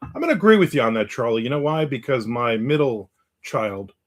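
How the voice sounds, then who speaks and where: A man's voice: mid-range voice, big pitch swings, a little fast. Rambling, blunt middle-aged man. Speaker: livestream host. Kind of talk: casual chat reading viewer comments.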